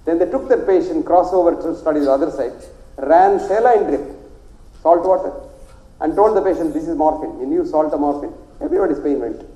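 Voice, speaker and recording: An older doctor with a South Indian accent lectures an audience in a rambling, emphatic way, repeating phrases for stress. His voice sits a little high but sounds very dark and mellow. The room around him is echoey, like a hall. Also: animated, fairly quick, lo-fi sound. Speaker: doctor giving a health talk.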